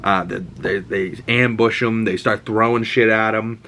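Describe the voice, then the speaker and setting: A man's voice: lowish voice, steady tone, a little slow, pushed and bright. A man in his twenties gives a rambling, profane, enthusiastic recap of a show, full of fillers. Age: 20s.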